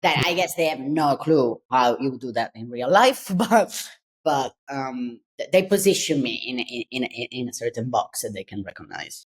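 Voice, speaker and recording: A woman from Italy with an Italian accent, speaking as a podcast guest in a candid, expressive way. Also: extremely low pitch, moderate pace. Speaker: guest, design consultant. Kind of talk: podcast conversation.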